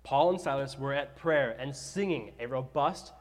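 A man preaching a sermon, retelling scripture with animated, dramatized storytelling. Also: mid-range voice, normal speed. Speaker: pastor.

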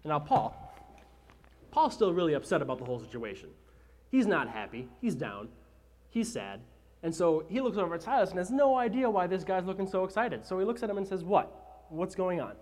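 A man preaching a sermon, retelling scripture with animated, dramatized storytelling. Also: sits high, fairly quick. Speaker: pastor.

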